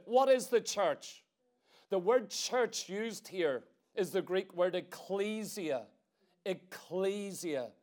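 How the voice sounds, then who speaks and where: A man preaching a sermon to a congregation, firing rhetorical questions and swinging between forceful emphasis and hushed intensity. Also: high voice. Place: church meeting room.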